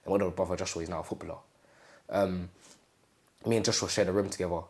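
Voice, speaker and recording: Young man, deep voice, halting and repetitive, relaxed personal storytelling for an interview. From England. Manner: halting, repeats phrases, acts out quoted family speech.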